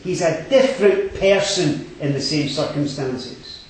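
A man preaching a sermon, swinging between quiet reflection and loud emphatic exhortation. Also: on the high side, expressive, unhurried. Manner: rising to emphatic exhortation, then dropping quiet. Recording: very echoey hall.

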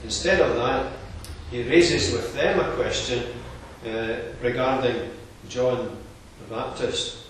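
A man preaching a sermon in a measured, earnest expository manner. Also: mid-range voice, fairly bright tone, a little hiss or hum. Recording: very echoey, distant room recording.

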